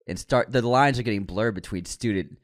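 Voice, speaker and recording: A man, co-hosting a casual movie news podcast, acting out quotes and tossing in quick asides. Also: on the low side. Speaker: podcast co-host.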